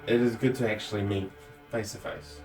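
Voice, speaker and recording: A man's voice: on the low side, fairly even intonation, brisk, a little mellow, roomy sound, distant mic, soft background music, close to an everyday voice, low-quality recording. A man voicing a careful, diplomatic female survivor in a tabletop game.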